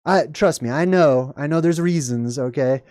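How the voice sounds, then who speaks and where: A man hosting a casual video, commenting in a jokey, animated way. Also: moderate pace, dry recording, clean studio sound. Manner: animated, jokey, voice jumps high when excited. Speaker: video host.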